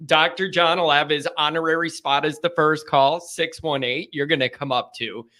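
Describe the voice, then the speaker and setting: A man hosting a live sports call-in show, talking casually, excitable and rambling, often laughing. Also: fairly high pitch, normal speed.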